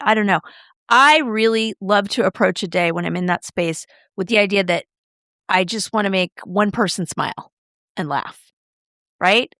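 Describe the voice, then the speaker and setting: A woman's voice: medium pitch, creaky, dry recording. Chatty middle-aged woman, dry close sound. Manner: chatty, expressive, quick shifts in tone. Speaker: podcast co-host. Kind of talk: casual chat.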